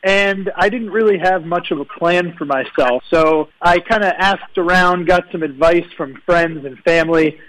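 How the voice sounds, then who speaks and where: A young man, a guest entrepreneur, answering interview questions in a friendly, measured way. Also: high-pitched, a bit bright, low-quality recording.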